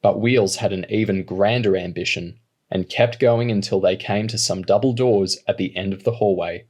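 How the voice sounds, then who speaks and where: A man narrating an audiobook in a steady, measured reading voice. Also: lowish voice, breathy edge. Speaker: audiobook reader. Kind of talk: storybook narration.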